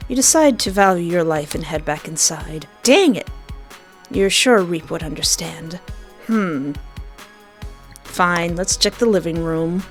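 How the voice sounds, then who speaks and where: A woman's voice: lowish voice, measured pace, faint music behind. Joking woman reading a game aloud. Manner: animated, joking, talks back to the game. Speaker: let's play streamer. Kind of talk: reading a visual novel aloud with commentary.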